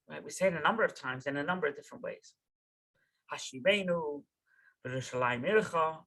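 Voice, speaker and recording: A man's voice: high-pitched, creaky, a bit bright, breathy edge, poor audio. A man teaching a Torah class in a casual, conversational way, often tagging "right?" and repeating or restarting words. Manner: slips into informal slang.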